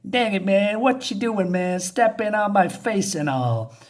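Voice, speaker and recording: A man's voice: a little high, sing-song, normal speed, warm tone. A man reading aloud as an indignant male street junkie, in a whiny, streetwise voice.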